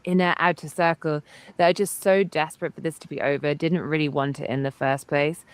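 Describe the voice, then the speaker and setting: A woman's voice: low-pitched, fairly even intonation, brisk, clean tone, dry recording. A woman co-hosting a political talk show, adding her own points fluently with frequent "you know"s. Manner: fluent, adds points with frequent 'you know'. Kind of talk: political commentary chat.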